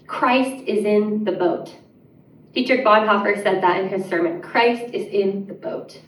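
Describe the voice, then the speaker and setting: A woman's voice: medium pitch, fairly even intonation, measured pace, distant mic, slight background noise. A woman preaching a sermon in a church, earnest and pleading, rising to emphatic peaks. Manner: earnest, rising to emphatic, drops to soft prayer. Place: church sanctuary. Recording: echoey church room, mic set back.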